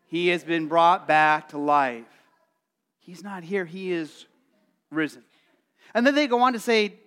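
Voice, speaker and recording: A male pastor preaching a sermon, telling the story in a lively way and acting out excited voices. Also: high-pitched. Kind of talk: Easter sermon.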